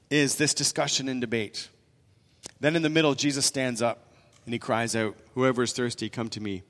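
A man's voice: a little high, a bit bright, big-room sound. A man preaching a sermon as pastor, in an earnest, repetitive way with frequent restarts.

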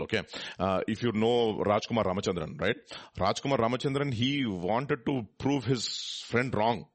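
A man giving a sermon, reading scripture and asking the listeners questions. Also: mid-range voice. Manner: animated, asks the crowd questions, reads scripture aloud. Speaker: preacher. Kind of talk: sermon Bible teaching.

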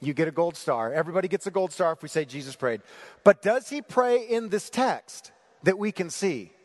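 A man preaching a sermon, asking the congregation rhetorical questions in an animated way. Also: fairly high pitch, moderate pace, long reverb tail. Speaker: pastor.

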